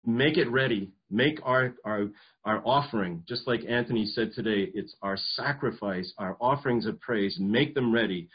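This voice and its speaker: A man's voice: fairly low pitch, moderate pace, slightly rough, dull audio. A man preaching a sermon, earnest, often restarting and repeating words as he goes. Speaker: pastor.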